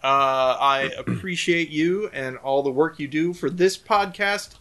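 A man's voice: on the high side, unhurried, a bit bright. A middle-aged man co-hosting a podcast, talking casually and rambling with many fillers. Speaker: podcast co-host.

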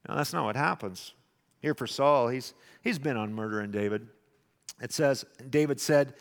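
A man preaching a sermon, dramatic, acting out the quotes loudly and then dropping to a hush. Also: mid-range voice, lively intonation, brisk. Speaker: pastor. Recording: long echoing reverb of a large hall.

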